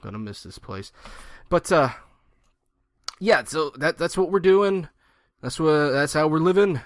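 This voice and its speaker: A man's voice: on the high side, expressive, unhurried, no room sound. A man in his twenties giving rambling, joking gameplay commentary and mocking himself. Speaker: gaming channel host.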